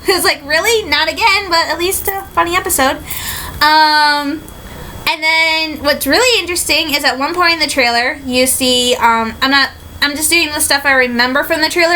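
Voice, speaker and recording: A woman from Michigan giving a rambling, excitable fan reaction in a casual vlog, full of fillers. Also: high-pitched, slight background noise, low-quality recording. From Michigan, USA. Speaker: vlogger reacting to a trailer.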